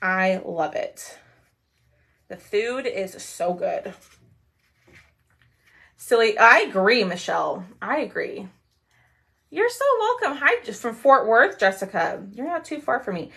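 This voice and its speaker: A woman's voice: mid-range voice, expressive, slow, gravelly, pauses often, fairly bright tone. Bubbly woman hosting a craft livestream. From Texas. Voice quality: laughs often. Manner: bubbly, reads out viewer comments and greets them.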